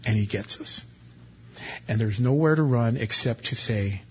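A man's voice: fairly low pitch, a little slow, slightly rough. A male pastor preaching an expository sermon in a folksy, country-preacher manner, reading scripture aloud and then explaining it. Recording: dull lo-fi recording.

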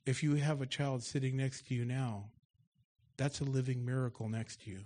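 A male pastor delivering a sermon to his congregation. He reads the scripture passages loudly and with force, then drops into a relaxed, talky explanation of what they mean, in a mid-range voice. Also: medium pitch, moderate pace. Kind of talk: expository sermon. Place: church.

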